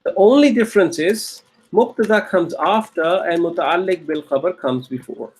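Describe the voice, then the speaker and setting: A man's voice: high-pitched, moderate pace, a little mellow, husky. Patient male Arabic teacher, repeats often. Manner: patient, repeats key phrases, checks in with "okay?". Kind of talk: recorded classroom lecture.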